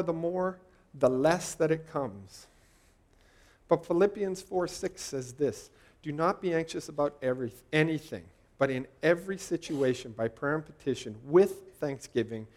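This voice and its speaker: A man in his forties preaching a sermon, talking conversationally and putting rhetorical questions to the congregation. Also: on the high side. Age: 40s.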